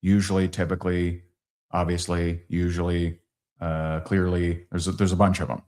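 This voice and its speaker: A man leading a live sales training, acting out both sides of sales calls in lively quoted dialogue. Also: low-pitched, normal speed.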